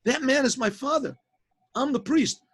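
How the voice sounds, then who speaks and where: A man's voice: very high voice, normal speed, a bit bright, slightly rough, voice pushed up, exaggerated voice. A man voicing a lost young prince who cries out in amazement as he remembers home. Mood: amazed. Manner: crying out in amazement.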